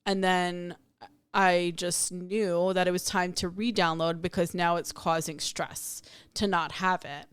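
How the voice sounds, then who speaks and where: Smooth, dry-sounding woman sharing spiritual reflections. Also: on the low side, little pitch movement, measured pace, no echo. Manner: candid, storytelling with acted-out quotes. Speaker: spiritual podcast host. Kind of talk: personal reflective monologue.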